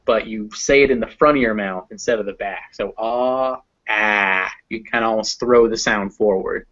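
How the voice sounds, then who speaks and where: A man's voice: lowish voice, moderate pace, a bit bright, highs cut off. A man with a Southern American accent teaching English pronunciation, patiently modeling vowel sounds for a learner. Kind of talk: explaining phonetics to a learner.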